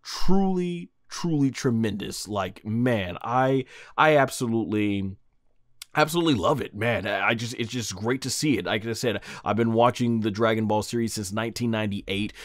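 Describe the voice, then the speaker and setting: A man's voice: on the low side, moderate pace, no room sound, studio quality. A man hosting an anime review, talking casually and enthusiastically with lots of fillers. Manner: enthusiastic, rambling with many fillers. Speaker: anime review channel host.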